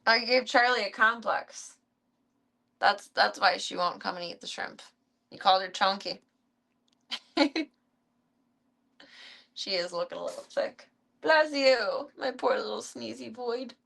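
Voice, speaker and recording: Young woman streamer, gravelly, casual pet chatter, calls her pets in a high coaxing voice. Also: a little slow, pauses often, a bit bright. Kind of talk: casual chat while feeding pets.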